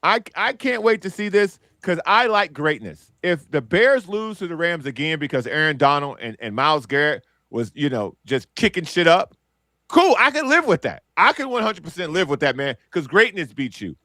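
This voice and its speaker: A man's voice: fairly high pitch, sing-song, moderate pace, sharp tone, no echo, clean studio sound. A man on a casual sports talk podcast, arguing with hype and answering his own rhetorical questions.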